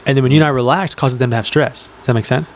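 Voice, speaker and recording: A man's voice: mid-range voice, racing. Rambling young man chatting on a podcast. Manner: rambling, filler-heavy, animated storytelling with acted-out quotes. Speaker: podcast co-host. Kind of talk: casual chat. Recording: faint background noise.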